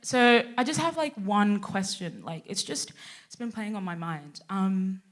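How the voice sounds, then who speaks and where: A woman voicing an awkward male oil-rig colleague who asks halting, unsure questions. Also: sits high, lively intonation, fairly bright tone, a little hiss or hum, full character voice. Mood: hesitant.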